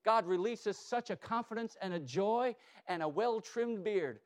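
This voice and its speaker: A male pastor with a high voice preaches a sermon, calling out emphatically to the congregation. As he builds, he stammers and repeats words before sinking into soft, hushed reassurances, all delivered expressively at a measured pace.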